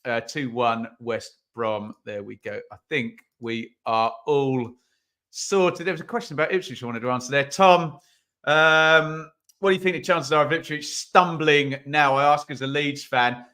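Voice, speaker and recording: Bright-voiced male streamer hosting a football watch-along; loose, chatty, talks straight to his chat. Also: medium pitch, a little slow. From England. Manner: chatty, reads out viewer comments, bursts into loud calls. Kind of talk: live stream chat and commentary. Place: home office.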